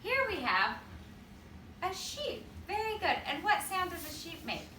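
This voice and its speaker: A woman teacher leading circle time for toddlers, talking slowly and encouragingly in a sing-song way. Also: very high voice, big pitch swings, sharp tone, reverberant, recorded from a distance, slight background noise. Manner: sing-song, slow and encouraging with small children. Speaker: preschool teacher.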